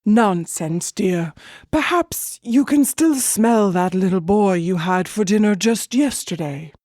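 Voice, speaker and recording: A narrator voicing a tall ogre's wife in a storybook reading for learners, hushed and urgent. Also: medium pitch, lively intonation, slow, no echo, studio quality, pitched above the performer's own voice. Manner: hushed and urgent, with a mocking laugh. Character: big, tall ogre's wife, sly but kind.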